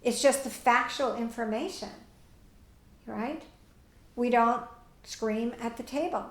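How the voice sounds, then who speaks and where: A woman's voice: fairly high pitch, slow, echoey room. A woman teaching parents and answering audience questions, plainspoken and direct, often acting out what parents and children say.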